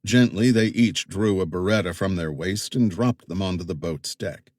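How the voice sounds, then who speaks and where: A man reads a thriller audiobook in a measured, suspenseful way. His voice sits low, and the recording is dry and close with no room sound. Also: darkish tone, no echo. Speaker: audiobook narrator. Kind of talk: scripted thriller narration.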